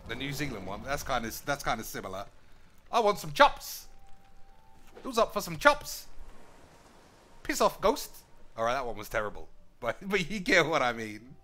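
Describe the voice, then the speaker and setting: A man's voice: medium pitch, sharp tone, slight background noise. A man with a London accent, a streamer thinking aloud over a card game in casual, joking commentary and swearing freely. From United Kingdom.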